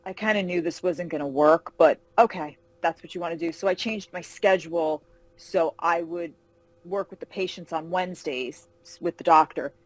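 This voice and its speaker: A woman novelist being interviewed over a video call, telling animated anecdotes and acting out quoted voices. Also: fairly low pitch, moderate pace, no echo, low-quality recording. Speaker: fantasy novelist guest. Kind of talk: casual interview storytelling.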